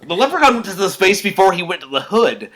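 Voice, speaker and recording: A man's voice: high voice, very animated, fast, fairly bright tone. A man co-hosting a podcast in casual chat, rambling with many fillers and restarts. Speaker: podcast co-host.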